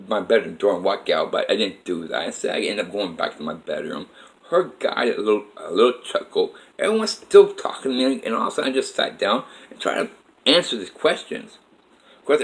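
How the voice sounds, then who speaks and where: A man's voice: mid-range voice, sharp tone, rough recording. A man telling a personal story in a rambling, emphatic way with many fillers.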